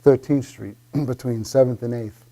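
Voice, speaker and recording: A man who works as a vegan chef, a guest in a casual interview, talking in a relaxed way that trails off softly. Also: medium pitch, moderate pace.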